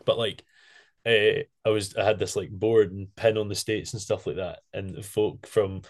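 A man hosting a casual podcast, telling stories in an animated way and laughing a lot. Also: lowish voice, moderate pace. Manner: animated storyteller, laughs a lot, loose phrasing. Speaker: podcast host. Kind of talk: casual chat.

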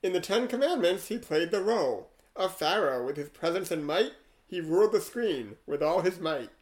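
A man co-hosting a casual podcast, reading a rhyming poem aloud in a dry, deadpan way. His voice sits a little high for a man, and he breaks off now and then for wry asides. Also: normal speed, rough recording. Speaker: podcast co-host.

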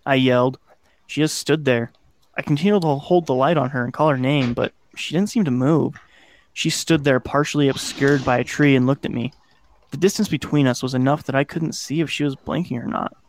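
A man hosting a podcast, casually narrating a scary childhood story and swearing now and then. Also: mid-range voice. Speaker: podcast host.

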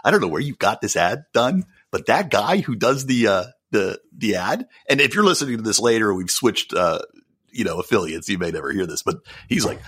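A man co-hosting a podcast, chatting casually in an animated, rambling way and laughing often. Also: medium pitch, a little fast, breathy edge. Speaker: podcast co-host. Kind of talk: casual chat.

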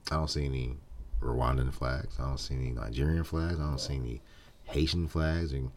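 A man co-hosting a casual podcast chat, animated and jokey, sometimes trailing off into mumbles. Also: very deep voice, normal speed, slight background noise. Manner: animated, drifts between loud and mumbled, jokey. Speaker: podcast co-host.

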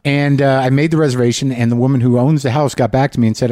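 A man from New Mexico hosting a show, talking in a candid, rambling way with halting restarts and a grieving, reflective tone. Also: medium pitch, steady tone, warm tone, no echo, clean studio sound. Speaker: podcast host. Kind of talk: casual monologue.

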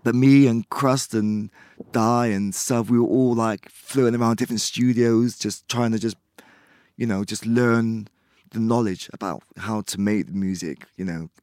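A man, chatting casually as an interview guest, relaxed and rambling with many fillers. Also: lowish voice, unhurried, clear, resonant tone, dry recording, studio quality. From Bristol, England. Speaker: guest musician.

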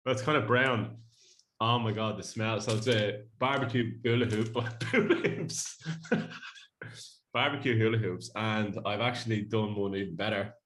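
A man's voice: lowish voice, measured pace, fairly bright tone, a little hiss or hum. A man co-hosting a podcast in casual, joking chat, laughing often. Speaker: podcast co-host. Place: Bondi home.

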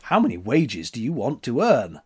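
A man's voice: wildly swooping pitch, slightly rough. A man voicing a spirited, defiant young woman sculptor who talks in a raised, teasing voice. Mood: playful. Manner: teasing, quick-tempered, higher voice.

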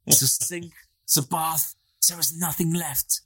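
Enthusiastic male podcast co-host who acts out his anecdotes, voice pitched a touch high. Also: takes it slowly, breathy edge. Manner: enthusiastic, animated storyteller who acts out quotes. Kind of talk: casual chat.

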